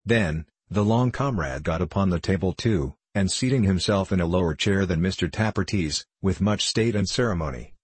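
Deep husky male audiobook narrator. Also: darkish tone, no echo.

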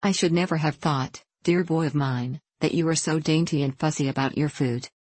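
A woman reading the part of a kind, patient old woodcarver who lectures gently. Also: sits low, steady tone, normal speed, slightly rough, no room sound. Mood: lecturing. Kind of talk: audiobook character voice.

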